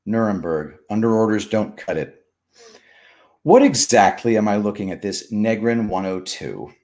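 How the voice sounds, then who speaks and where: This live-stream host talks at normal speed in a lowish voice, joking around as he reads viewer comments and promotes sponsors. His energy swings between loud bursts and mumbling in a casual, animated chat.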